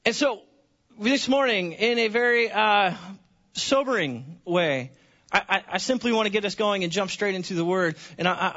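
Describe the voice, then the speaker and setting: A man's voice: high-pitched, bright, forceful tone, highs cut off. A man preaching a Sunday sermon in a church, conversational, often repeating words and restarting phrases. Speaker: pastor.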